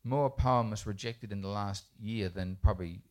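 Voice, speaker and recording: At a festival panel held in an indoor bookshop event space, a children's poet tells a live audience an anecdote. He's chatty and self-deprecating, restarting often, and speaks at a moderate pace in a lowish voice.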